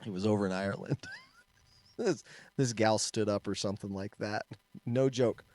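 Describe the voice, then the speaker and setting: A man co-hosting a casual podcast, an animated storyteller who laughs often and trails off and restarts. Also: on the low side, normal speed, no echo. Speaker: podcast co-host, martial arts instructor.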